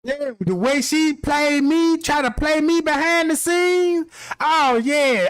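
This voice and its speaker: A man with a country-sounding voice hosting a stream, ranting in a brash, profane, animated way. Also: very high-pitched, slow, no room sound. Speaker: livestream host. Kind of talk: casual ranting commentary.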